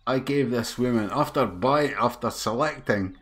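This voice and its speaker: A Scottish man in middle age, speaking at normal speed in a mid-range, slightly bright voice, tells his live viewers a story as he plays a game on stream. The casual chat is peppered with laughter, swearing, and restarts, and faint music sits behind it.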